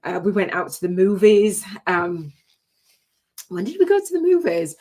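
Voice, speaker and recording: A woman's voice: mid-range voice, very animated, moderate pace, a little mellow. An older woman, a spiritual business coach, telling a heartfelt personal story on a livestream, often tearful and laughing. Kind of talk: emotional personal talk on a livestream.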